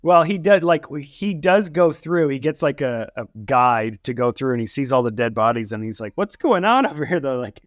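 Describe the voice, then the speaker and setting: A man's voice: medium pitch, steady tone, moderate pace, few pauses, no room sound, clean studio sound. A man co-hosting a podcast, chatting casually about a movie, laughing often and acting out quotes. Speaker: podcast co-host. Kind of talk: casual movie review chat.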